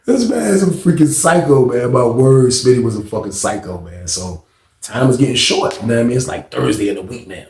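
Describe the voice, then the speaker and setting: A man telling a prison story in a casual, slangy, animated way. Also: mid-range voice, brisk, roomy sound, recorded from a distance.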